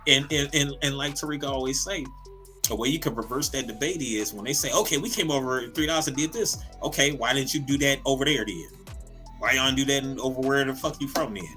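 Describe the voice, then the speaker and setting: A man co-hosting a casual comedy podcast, talking in an animated, profane way, laughing often and repeating words as he goes. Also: mid-range voice, brisk, soft background music. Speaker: podcast co-host.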